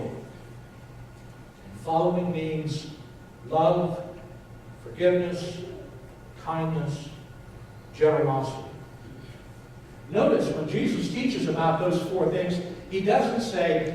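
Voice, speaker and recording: A man's voice: on the high side, slow, long pauses, mellow, a little hiss or hum. A man, a pastor, preaching a sermon with emphatic repetition and questions to the congregation. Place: church sanctuary. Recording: echoey church hall, mic from a distance.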